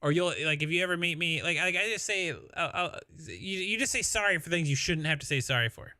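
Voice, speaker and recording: A Midwestern man chats loosely with his stream audience, rambling and laughing, with a curse thrown in now and then. His voice sits a bit high and rings bright. The sound is close and dry, with no room echo. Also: a little fast. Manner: rambling, laughing, swears freely. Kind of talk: casual live-stream chat.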